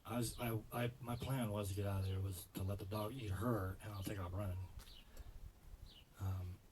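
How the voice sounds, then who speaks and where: A man's voice: fairly low pitch, steady tone, moderate pace, background noise. A man doing stand-up, telling a rambling story full of restarts. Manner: rambling, self-correcting delivery. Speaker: stand-up comedian.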